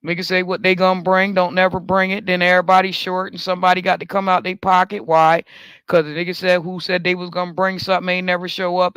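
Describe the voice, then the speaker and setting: A man, talk show host telling a story in a casual, animated monologue. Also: smooth, no echo. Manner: animated, swings up high when joking about himself.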